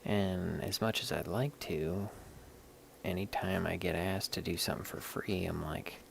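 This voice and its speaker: A man with a low, heavily gravelly voice talks on a live stream. His chat is rambling, candid and laid-back, with the odd curse word, and a faint hiss sits behind him. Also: steady tone, a little slow. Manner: rambling and candid, swears casually. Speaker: livestream host showing stones.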